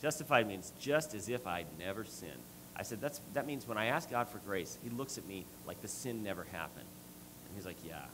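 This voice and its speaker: A man's voice: lowish voice, lively intonation, brisk, background noise. A middle-aged man preaching a sermon and telling a family story, with many restarts. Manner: rambling, restarts often, storytelling.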